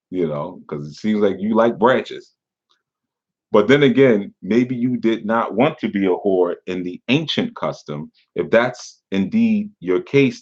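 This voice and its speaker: A man's voice: fairly low pitch, a little mellow. A man teaching on spiritual matters, answering a critic with sarcasm and scorn. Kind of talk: reading out and mocking a viewer's comment. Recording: dull lo-fi sound.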